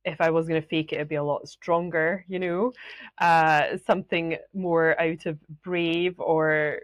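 A woman's voice: low voice, steady tone, unhurried, dry recording. A woman with a Scottish accent hosting a solo podcast, telling stories in a chatty way and often laughing. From Scotland. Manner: chatty, laughs often, acts out quoted voices. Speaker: podcast host.

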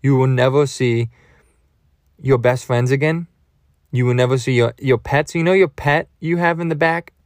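A man's voice: mid-range voice, moderate pace, no room sound, lightly acted. A man voicing the puppet monster Grover as a crude, threatening ranter. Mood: menacing rant. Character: blue male puppet monster, menacing then silly.

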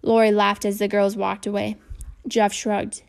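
A woman reads a children's novel aloud as an audiobook, her storytelling steady and even. Her voice sits at an ordinary middle pitch with noticeable gravelly fry, and she takes an unhurried pace.

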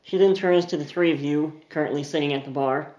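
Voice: mid-range voice, fairly quick, darkish tone, echoey room, highs cut off. A game master narrating a tabletop game scene in a loose, descriptive way. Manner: descriptive, uses filler words.

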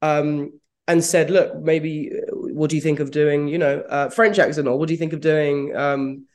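A man's voice: on the high side, level tone, moderate pace, darkish tone. A man, an actor answering interview questions in a reflective, rambling way, with frequent laughs. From London, England. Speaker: actor guest.

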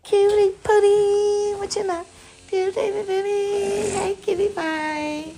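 A woman doing a high, sing-song baby-talk voice for a pet, heard from a bit further off the mic. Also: level tone, slow, warm tone, exaggerated voice. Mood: cooing.

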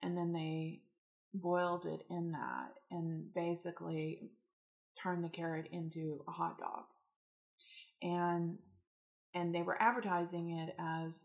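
A woman giving a casual spiritual-coaching talk, animated and rambling, acting out the quotes in her stories. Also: on the low side, unhurried, vocal fry.

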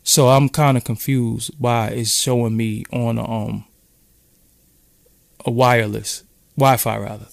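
A man's voice: medium pitch, flat delivery, measured pace, gravelly, pauses often, dry recording, studio quality. A man from Brooklyn with a New York accent, rambling in casual, profane street talk as he hosts a live-stream chat. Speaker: podcast host.

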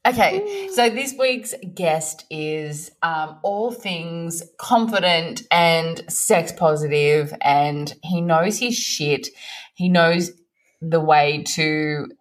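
Low-voiced, giggly woman. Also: takes it slowly. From Australia. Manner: relaxed, giggly, swears casually. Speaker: podcast co-host. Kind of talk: casual chat.

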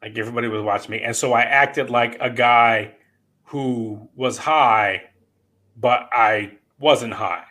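Guy hosting a podcast, bright voice, swears a lot, tells stories. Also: mid-range voice, a little slow. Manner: swearing, animated storyteller. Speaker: podcast host. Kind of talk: casual chat.

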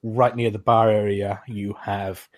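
A man narrating a tabletop game as game master, pausing with many fillers. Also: lowish voice, level tone.

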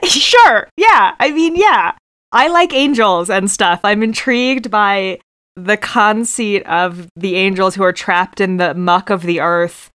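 A woman's voice: medium pitch, a little slow, fairly bright tone, smooth, no echo. A woman talking in a casual podcast chat, working through her opinions thoughtfully and hesitantly, with many fillers. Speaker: podcast co-host or guest.

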